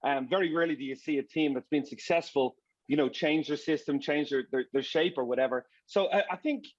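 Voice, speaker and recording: A man speaking as a soccer broadcaster on a panel, animated and often restarting his words. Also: a little high, a little fast, dry recording, dull audio. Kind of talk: casual panel discussion.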